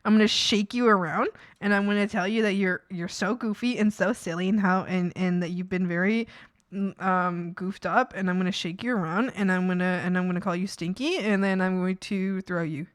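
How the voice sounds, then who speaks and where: A woman's voice: fairly low pitch, steady tone, a little fast, clear, resonant tone. A woman streamer chatting casually with her viewers, rambling with lots of fillers and frequent laughs.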